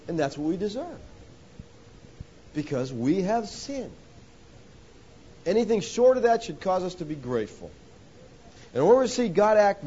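A man preaching a sermon, rising to loud emphatic points and dropping to hushed lows, often calling listeners "folks.". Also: husky. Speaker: pastor. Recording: dull lo-fi sound with faint hiss.

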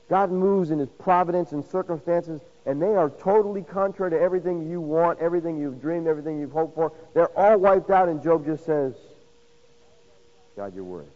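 A man preaching a sermon, swinging from loud emphasis to hushed, intimate lines and acting out quoted voices with rhetorical questions. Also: fairly high pitch, brisk, hardly any pauses, muffled recording. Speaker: pastor.

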